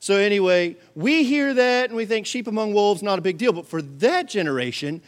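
A man preaching a sermon as pastor, animated and playful, acting out quick voices and jokes. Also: sits high.

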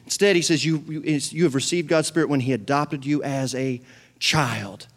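A middle-aged man preaching with a notably high-pitched voice. He is animated and often swells into loud, fervent prayer. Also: normal speed. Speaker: pastor. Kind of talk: sermon.

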